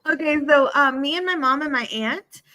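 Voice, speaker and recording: A woman's voice: high-pitched, normal speed, pushed and bright. A woman from Nebraska, a guest on a podcast, chatting casually and rambling through a story. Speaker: B&B owner guest. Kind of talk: casual chat.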